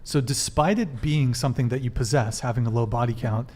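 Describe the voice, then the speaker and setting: This is a man hosting a live dating talk show, his voice sitting at a middle pitch. He reads viewer messages aloud and presses his guests with follow-up questions. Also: a little fast, warm tone. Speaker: host.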